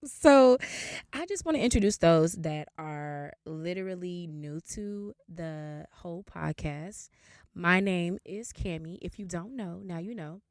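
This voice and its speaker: Twenty-something woman spilling a story on her podcast, lively and animated, dry close sound. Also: on the low side, measured pace, dry recording. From Raleigh, North Carolina. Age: 20s. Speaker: podcast host. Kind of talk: casual story time monologue.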